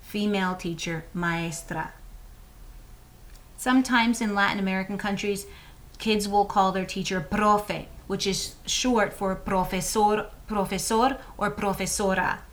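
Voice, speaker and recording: Slow, patient woman teaching Spanish. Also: mid-range voice, fairly even intonation. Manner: models words slowly and asks the class to repeat. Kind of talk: slow, clear classroom instruction to children.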